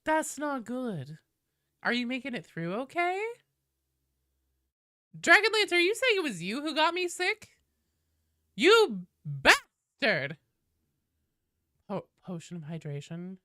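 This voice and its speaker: Woman streamer, sick with a cold, high lively voice, bright and clear, casual chat, dry close mic. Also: unhurried, pauses often, no echo. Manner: loud, excitable greetings with profanity.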